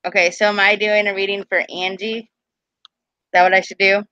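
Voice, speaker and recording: A woman's voice: mid-range voice, level tone, fairly quick, pushed and bright, smooth, no echo, dull audio. A woman hosting a casual chat while giving card readings, rambling and laughing often. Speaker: host.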